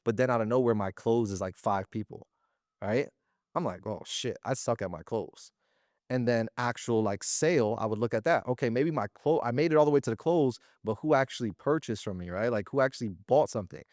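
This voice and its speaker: Man, interview guest, slangy, lively, acts out quotes, mid-pitched voice, dry close sound. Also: a little fast, dry recording. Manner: slangy and animated, often acting out little quoted exchanges. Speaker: guest, sales business owner. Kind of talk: casual interview talk.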